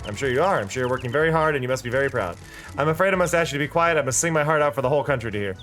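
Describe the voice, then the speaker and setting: A man's voice: mid-range voice, lively intonation, rapid-fire, a bit bright, close to an everyday voice. A man voicing a pompous female bird mascot who sees herself as a star singer, speaking in a haughty, theatrical way. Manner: haughty, theatrical, putting on airs.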